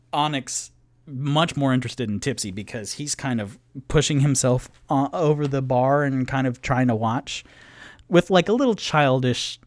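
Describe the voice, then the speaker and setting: A man narrating as the game master of a tabletop game, describing scenes in a relaxed, casual way. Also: medium pitch. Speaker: game master and solo player.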